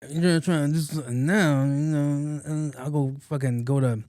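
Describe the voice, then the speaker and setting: A middle-aged man, hosting a podcast and telling casual stories, profane and animated, laughing often. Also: on the high side, moderate pace, no room sound, clean studio sound. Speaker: podcast host. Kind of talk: casual storytelling monologue.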